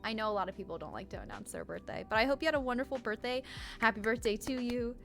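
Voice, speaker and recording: A woman's voice: a little high, expressive, very fast, gravelly, soft background music. A woman streamer chatting casually on a live stream, bubbly, greeting viewers by name, often laughing and getting emotional.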